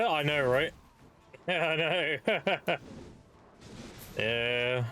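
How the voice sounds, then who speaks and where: A man's voice: fairly high pitch, drawn-out words, long pauses, bright, forceful tone, faint music behind. A British man with a British accent, streaming a video game and chatting casually, joking and swearing as he banters with viewers. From Britain. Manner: joking, profane, banters with chat. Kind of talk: casual chat while gaming.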